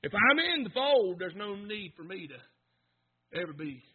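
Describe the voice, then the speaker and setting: Male preacher, husky high-pitched voice, fervent rhythmic delivery, tinny lo-fi recording. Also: very animated, measured pace. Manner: fervent preaching, swings from near-whispers to shouts; rhythmic repetition, asks congregation to repeat. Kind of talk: sermon.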